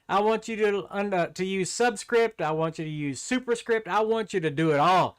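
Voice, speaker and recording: A man's voice: high voice, normal speed, smooth, close to an everyday voice. A man voicing God in a spoken joke, folksy and easygoing. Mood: genial. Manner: folksy, relaxed, joking. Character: easygoing God, a genial fatherly male deity.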